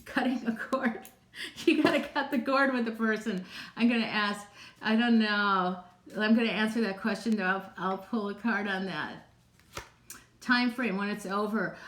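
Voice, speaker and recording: A woman's voice: a little high, a bit bright. A woman psychic chatting casually on a live stream, answering viewers' questions in a rambling way with frequent laughs. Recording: roomy, echoey room sound.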